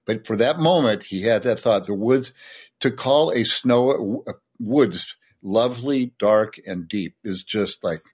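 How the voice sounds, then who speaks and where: A man's voice: on the low side, unhurried, a little mellow, husky. Man explaining a poem with enthusiasm. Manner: explains with enthusiasm, recites poetry. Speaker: guest sportswriter and poet. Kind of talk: podcast conversation.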